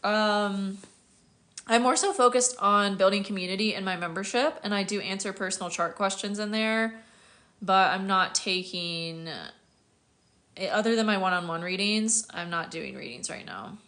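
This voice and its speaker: A chatty American astrologer in her thirties answers viewer questions on a casual livestream, laughing often. She speaks at medium pitch and moderate pace with a slightly bright tone.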